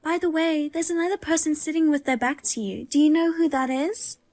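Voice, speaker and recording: A woman's voice: high voice, fairly even intonation, a little fast, darkish tone, dry recording. A woman voicing a pregnant young wife who teases and taunts her cheating husband in a dubbed drama. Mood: taunting. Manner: teasing, taunting.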